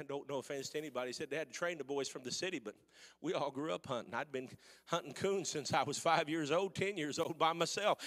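A man with a Missouri accent preaching a sermon in folksy rural speech, swinging from quiet storytelling to shouted preaching. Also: fairly high pitch, big-room sound.

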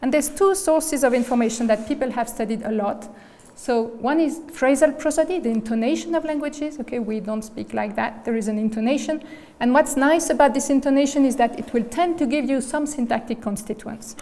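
A woman gives a lecture in a large hall, and long reverb trails behind each phrase. Her voice sits a little high. She builds the argument step by step and keeps checking with the room. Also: brisk, dark tone. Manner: explains step by step, often checks in with "okay?" and "right?". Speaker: guest lecturer. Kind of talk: academic lecture.

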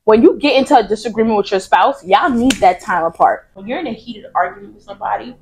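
A woman hosting a casual podcast, talking her points through in a steady, reasoning way. Her voice sits at an ordinary pitch. The room has a noticeable echo and a faint hum of ambience behind her. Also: quick pace. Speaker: podcast host.

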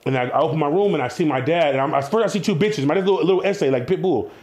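A young man telling wild stories in a casual interview, animated, slangy and full of swearing. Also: fairly high pitch, rapid-fire. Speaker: interview guest, entrepreneur.

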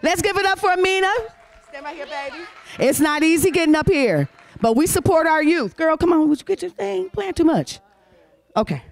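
A woman hosts a youth talent show, her voice sitting high. She is animated and cheering, calling names out loud as she waves each child up to collect an award. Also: brisk, creaky. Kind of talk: lively emcee handing out awards. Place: congregation hall.

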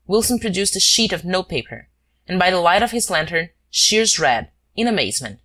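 A woman with a notably low, deep voice narrates an audiobook. Her delivery is measured and steady, carrying the story at an even, unhurried pace. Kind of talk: scripted narration.

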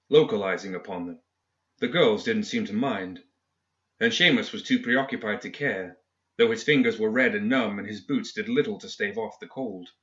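A man narrates a grim fiction story in a measured, even reading. His voice sits on the low side. The recording sounds dull and lo-fi. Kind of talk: scripted audiobook narration. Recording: dull lo-fi audio.

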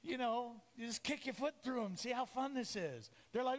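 High-voiced pastor in an echoey church. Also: male voice, brisk, heavy background noise. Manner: animated, acts out voices of the disciples and Jesus. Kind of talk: lively sermon. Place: church sanctuary.

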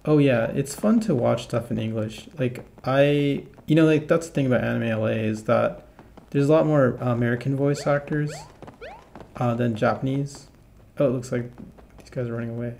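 Man, gaming commentary, rambling and chatty, gravelly tone, mid pitch. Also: moderate pace, darkish tone, a little hiss or hum. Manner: rambling, chatty, laughs at own jokes. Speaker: gaming channel host. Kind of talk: casual let's-play commentary. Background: game music.

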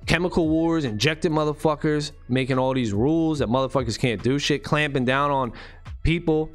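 A man's voice: a little high, normal speed, soft background music. A man in a casual ranting monologue, speaking with heavy profanity, slang and emphasis. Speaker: vlogger.

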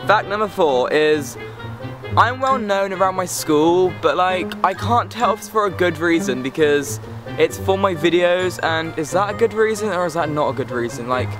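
A teenage English boy vlogs outdoors, chatting casually to the camera in a sarcastic, rambling manner and getting easily distracted. His male voice sits high and sounds animated at a normal speed, with music playing underneath.

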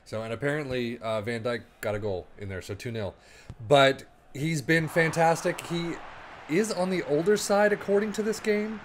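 A man casually commenting on his own football management game as he plays, thinking aloud and breaking into quick play-by-play. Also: on the high side, a little hiss or hum. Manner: chatty, rambling, thinks aloud, bursts into play-by-play. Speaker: gaming YouTuber.

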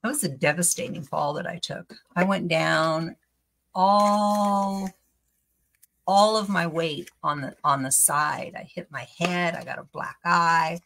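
A woman's voice: lowish voice, slow, gravelly, fairly bright tone. A middle-aged woman hosting a crafting video, chatting in a rambling, storytelling way with frequent laughs. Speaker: crafting channel host. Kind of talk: casual chat while crafting.

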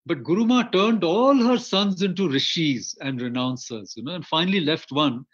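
A man's voice: a little high, lively intonation, normal speed, fairly bright tone. Indian english guy giving a lecture over a call, rambling, lots of uh, muffled lo-fi sound. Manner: rambling, many fillers and restarts. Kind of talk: storytelling lecture. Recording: muffled lo-fi audio.

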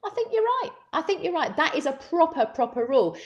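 A woman mimicking a cheerful older lady scholar who agrees with gusto. The voice jumps high and lively, each word emphatic. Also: fast, highs cut off. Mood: delighted.

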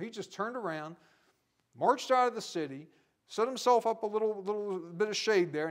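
A middle-aged man preaches with fervor, his fairly high voice swinging from hushed, personal asides to loud, driving peaks. It is a heartfelt sermon, spoken straight to the congregation. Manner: impassioned preaching, rising to near-shouting peaks.

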